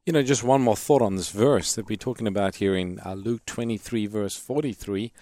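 A man co-hosting a call-in radio Bible program, adding calm, measured points and reading out the call details. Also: lowish voice, no echo, clean studio sound.

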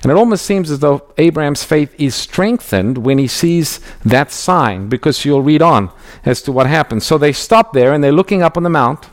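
A man giving an expository Bible teaching in a measured, emphatic way, reading scripture aloud as he goes. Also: a little high, animated.

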